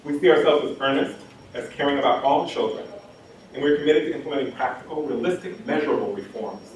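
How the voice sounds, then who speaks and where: In a very echoey hall, an education scholar lectures quickly in a medium-pitched voice. He is impassioned, repeats himself for emphasis, and says um often; the mic is distant and there's faint background noise.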